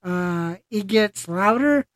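A podcast host in casual conversation, voice sitting at a middle pitch. The delivery is halting and full of fillers and self-corrections, recorded dry with no room sound. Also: lively intonation, no echo. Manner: halting, many fillers and restarts.

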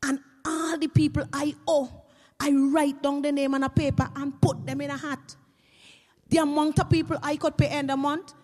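A Vincentian woman, a teacher, telling comic stories to an audience in a lively, animated way. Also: high-pitched, moderate pace, in a large hall. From Saint Vincent and the Grenadines. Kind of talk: comic stage storytelling.

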